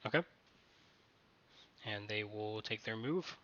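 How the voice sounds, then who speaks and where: A man running a tabletop game playtest as game master, narrating haltingly and often restarting his sentences. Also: lowish voice, fairly bright tone, dull audio.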